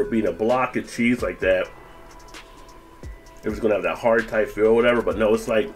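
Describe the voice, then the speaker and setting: A man hosting his own food review video, chatting casually while tasting and talking with his mouth full. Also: lowish voice. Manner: relaxed, chatty, tastes and comments with full mouth.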